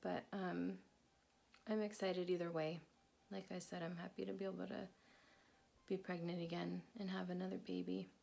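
A woman's voice: flat delivery, moderate pace, vocal fry, mellow. A pregnant young woman in her twenties, chatting casually in a vlog update. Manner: chatty, talks baby-talk to her cat in a high sing-song voice. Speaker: vlogger.

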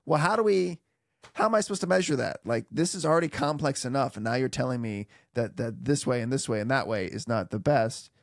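Man, HVAC instructor, playful and theatrical, mid-pitched voice, dry close sound. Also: fairly quick, creaky, dry recording. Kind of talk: animated technical tutorial.

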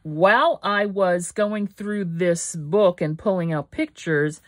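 A woman's voice: on the low side, slow pace, dry recording. An older woman hosting a casual craft vlog from her home studio, rambling and correcting herself as she thinks aloud. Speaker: craft channel host.

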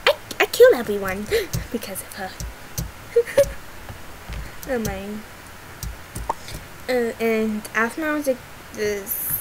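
A woman hosting casual gameplay commentary from her bedroom, giggly and rambling, with sudden excited squeals. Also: a little high, measured pace, long pauses. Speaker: gaming channel host. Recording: noisy, fireworks popping behind. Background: fireworks.

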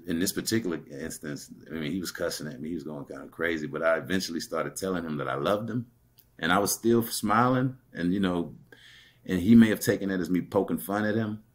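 Deep-voiced man telling a story. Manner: animated, laughing while retelling dialogue. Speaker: guest. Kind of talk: conversational storytelling.

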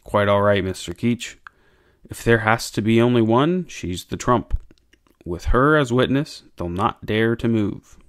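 A man reading an audiobook, voicing a stern, self-satisfied ship's captain in a low, clipped way. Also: unhurried, dry recording, studio quality, natural voice. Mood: smug.

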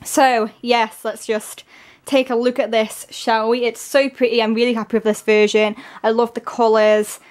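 A woman with a fairly high voice talks through an unboxing in a casual, gushing way. She sounds excited throughout, though her voice is strained and keeps giving out. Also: normal speed. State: voice giving out, coughing. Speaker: K-pop album unboxer.

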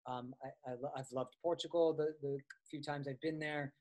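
A man's voice: fairly high pitch, steady tone, normal speed, darkish tone. A man teaching astrology in a casual, conversational way, with frequent fillers and restarts as he tells personal stories. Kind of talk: casual explanatory lecture.

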